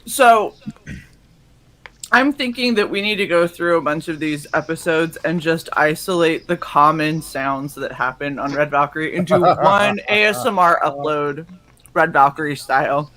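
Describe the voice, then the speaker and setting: A co-host of a casual live stream, chatty and quick to laugh while telling stories. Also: medium pitch, pushed and bright, low-quality recording. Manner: laughs often, chatty storytelling. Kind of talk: casual chat.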